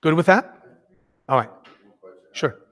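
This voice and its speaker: Brief: male workshop presenter, slightly high voice, lively and conversational, coaching a room on sales. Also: slow. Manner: energetic, conversational, acts out sales dialogues. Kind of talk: live workshop teaching.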